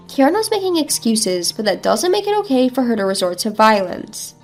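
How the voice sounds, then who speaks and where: A woman's voice: a little high, big pitch swings, a little fast, few pauses, soft background music. A woman narrating a first-person family drama story in an earnest, resolute way.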